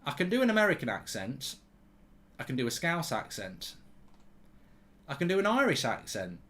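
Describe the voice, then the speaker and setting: Lively, bright-voiced streamer. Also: male voice, mid-range voice, moderate pace. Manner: chatty, blunt, reads out viewer comments. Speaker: football watchalong host. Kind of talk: casual live-stream chat and commentary.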